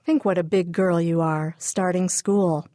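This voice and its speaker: A gentle mother in a children's storybook, coaxing her daughter with patient reassurance, as a woman narrator reads her. The voice is fairly low and close. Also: fairly even intonation, measured pace, dry recording, natural voice.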